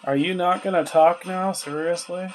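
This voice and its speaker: A man's voice: sits high, steady tone, moderate pace, over loud music. A man at home running a spirit box session, patiently asking spirits questions and coaxing them to speak up. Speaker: paranormal investigator. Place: at home, indoors.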